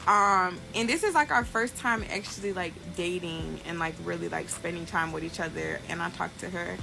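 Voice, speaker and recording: A woman's voice: fairly low pitch, normal speed, vocal fry, pushed and bright, faint music behind. A woman chatting casually to camera about her life, rambling with lots of fillers. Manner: rambling, many fillers, giggly. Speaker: social media poster.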